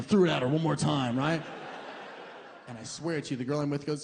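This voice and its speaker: A young man with a high, bright voice works through a stand-up set. He is animated and crude and keeps hitting his punchlines hard. The room carries a long, reverberant tail with faint ambience behind him. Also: quick pace, a little hiss or hum. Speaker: stand-up comedian. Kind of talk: stand-up routine. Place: comedy club stage.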